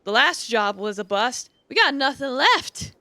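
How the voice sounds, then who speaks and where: A man's voice: very high voice, very animated, a little slow, sharp tone, no room sound, heavily acted. A woman voicing a scheming male outlaw gang leader in a put-on Southern drawl, with folksy Old West talk. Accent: put-on American Southern drawl.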